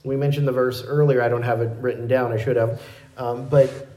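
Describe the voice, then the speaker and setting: A man's voice: medium pitch, little pitch movement, fairly quick, dark tone. A man preaching a sermon, explaining a passage in a teaching way and often correcting himself mid-sentence. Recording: echoey room.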